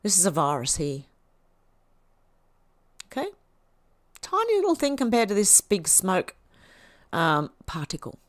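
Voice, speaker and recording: A woman's voice: mid-range voice, wildly swooping pitch, a little slow, pauses often, no echo. A woman hosting a livestream, reading posts aloud and reacting in a chatty way. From Australia. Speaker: livestream host.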